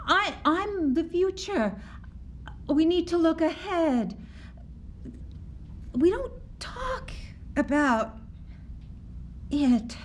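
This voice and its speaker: A woman performing a poem in the voice of a survivors' son who stammers and keeps apologizing, in a slow, high voice. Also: a little hiss or hum, heavily acted. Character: nervous apologetic adult son of Holocaust survivors. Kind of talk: dramatic poetry performance. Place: live performance on stage.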